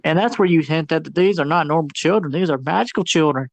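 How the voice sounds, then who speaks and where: Man, podcast co-host, casual, slangy, jokey, fairly high voice, dry sound. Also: fast, gravelly, dry recording. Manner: slangy, jokey storytelling with playful put-on voices. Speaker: movie review podcast co-host. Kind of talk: casual chat.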